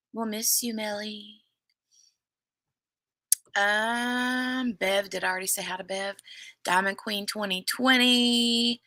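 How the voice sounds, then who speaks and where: A woman's voice: mid-range voice, steady tone, slow pace, long pauses, sharp tone. A woman hosting a casual livestream, chatty and laughing often as she greets viewers by name and recaps a TV episode. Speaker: livestream host.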